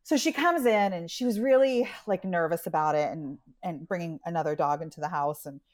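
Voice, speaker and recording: Chatty woman telling an animated story. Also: lowish voice, fairly quick. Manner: animated, chatty, lots of "like" and acted-out quotes. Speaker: dog rescue owner and pet matchmaker. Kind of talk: storytelling in an interview.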